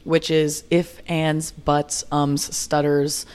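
A woman's voice: sits low, little pitch movement, slow pace, darkish tone, smooth. Chatty young woman hosting a solo podcast. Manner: chatty, upbeat, with fillers and restarts. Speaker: podcast host.

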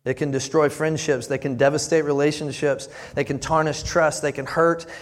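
An earnest male pastor preaching a sermon, often repeating words as he presses a point. His voice sits a little high for a man. The sound carries a long reverb from a church sanctuary. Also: flat delivery, moderate pace. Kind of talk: sermon with live demonstration.

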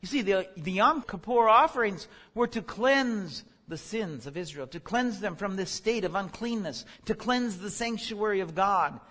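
A man's voice: high voice, expressive, normal speed, few pauses, fairly bright tone, husky, in a large hall. A man teaching a Bible study lesson, earnest and explanatory, his voice leaping up when he calls out the words he quotes.

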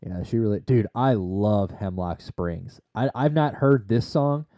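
A man co-hosting a podcast in casual chat, rambling and swearing freely with excited tangents. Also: on the low side, a little slow, dry recording, studio quality. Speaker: podcast co-host.

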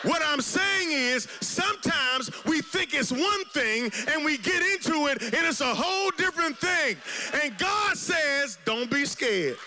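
A male pastor preaching a sermon with passion, swinging between shouted lines and hushed low tones, and repeating phrases in rhythm. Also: slight background noise.

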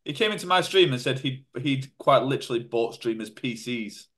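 A man co-hosting a podcast, chatting in an excitable, rambling way. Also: mid-range voice, a little fast. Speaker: podcast co-host. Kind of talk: casual chat.

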